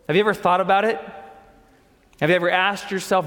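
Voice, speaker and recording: A man preaching from the pulpit, his voice pitched high for a man. He tells a personal story with earnest feeling and acts out the people in it. The sound carries a long church-hall reverb. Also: fairly even intonation, a little fast, pauses often, a bit bright. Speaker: pastor.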